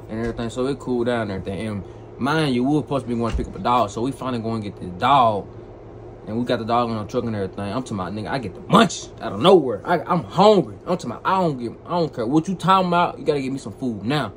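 A young man telling a personal story in a casual, animated way, full of slang and repeated phrases. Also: mid-range voice, fast talker, noisy background.

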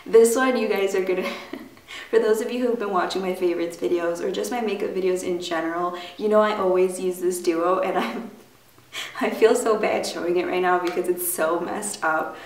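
A young woman chatting loosely through a beauty product review, her voice raspy because she has just woken up, full of fillers and rambling asides. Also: lowish voice, steady tone, moderate pace. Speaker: beauty vlogger. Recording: echoey room, mic at a distance, faint noise.

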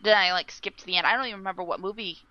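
A woman's voice: mid-range voice, rapid-fire, sharp tone. A woman co-hosting a podcast in casual chat, swearing freely and rambling between laughs. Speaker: podcast co-host. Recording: slightly dull lo-fi mic, dry.

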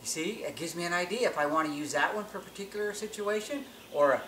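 A man's voice: high-pitched, fast, pushed and bright. A man teaching elk calling in a plain-spoken, instructional way, often restarting phrases as he explains. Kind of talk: hunting-call tutorial. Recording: echoey with faint ambient noise.

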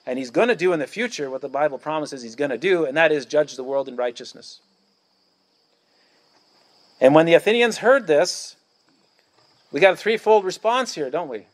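A man's voice: fairly high pitch, expressive, normal speed, long pauses. A male pastor preaching a sermon outdoors at a church picnic, emphatic and declamatory, hammering points through repetition.

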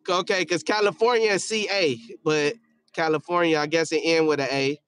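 A man's voice: fairly high pitch, steady tone, fairly quick, a bit bright, slight background noise. A man hosting a casual livestream, reading viewer comments aloud in a loose, joking and profane way, often trailing off into a mumble. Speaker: livestream host.

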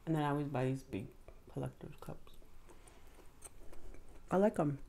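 Low-voiced woman chatting while eating. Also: normal speed, vocal fry, mellow. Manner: chatty, eating between words, frequent mm-hmms. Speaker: mukbang vlogger. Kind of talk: casual chat while eating.

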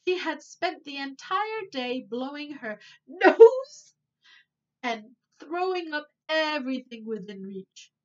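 A woman teacher reads a children's storybook aloud at an unhurried pace. Her voice is high and very lively, rising and falling expressively. The recording sounds dull and lo-fi. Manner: animated and expressive, with asides.

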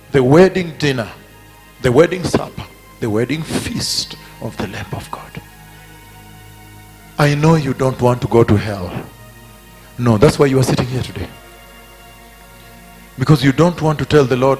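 A man preaching a sermon at a conference, repeating his phrases emphatically and building to shouted peaks. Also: mid-range voice, animated, normal speed, long pauses. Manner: emphatic and repetitive, rising to shouted climaxes. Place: large conference hall. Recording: reverberant hall with faint music.

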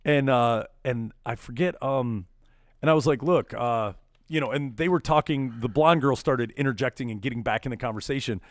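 A man from Texas hosts a casual podcast and tells a rambling bar story. He keeps replaying each exchange with "I was like" and "she was like." His voice sits at a middle pitch and sounds close and dry, with no room around it. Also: a little fast, no room sound. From Texas, USA. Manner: rambling, retells scenes with constant "I was like" quotes. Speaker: podcast host.

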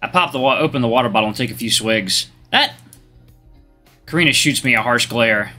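Animated man hosting a let's play. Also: medium pitch, brisk, faint music behind. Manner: animated, reads story narration aloud. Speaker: gaming channel host.

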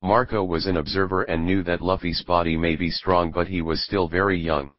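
A man reading fan fiction aloud as narrator, in an even, measured way. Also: deep voice, no echo, muffled recording.

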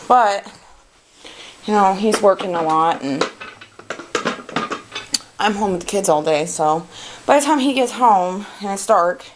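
A young woman, a stay-at-home mom, chatting casually and a bit out of breath while tidying her child's bedroom, rambling and sighing between thoughts. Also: lowish voice. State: out of breath, panting. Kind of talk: casual home vlog chat. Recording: noisy home-camera recording.

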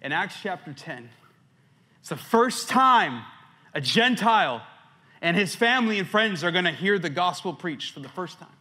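A man delivers a sermon in a high, bright voice. He swings from loud, emphatic stretches down to hushed, quiet ones, and he sounds a little out of breath. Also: very animated, normal speed. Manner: preaching with sweeping swings between loud and hushed. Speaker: pastor.

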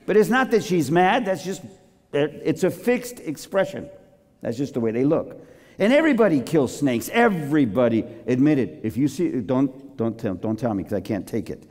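A man's voice: mid-range voice, big pitch swings, moderate pace, darkish tone. A man preaching a sermon, theatrical and joking as he tells a story. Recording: long reverb of a large hall.

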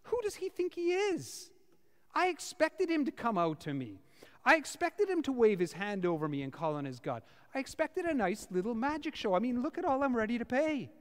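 A man's voice: very high voice, very animated, normal speed, long reverb tail, pitched above the performer's own voice. A man acting out a proud, indignant army commander in a sermon, ranting with pompous self-importance. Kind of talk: sermon acting out a scripture figure.

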